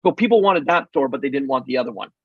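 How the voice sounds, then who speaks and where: A middle-aged man telling a story as a podcast guest. He speaks in an animated way, acts out bits of dialogue, and drops frequent ums. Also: mid-range voice, fast talker, slightly rough, dry recording, narrow, tinny audio. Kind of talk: casual storytelling in a podcast interview.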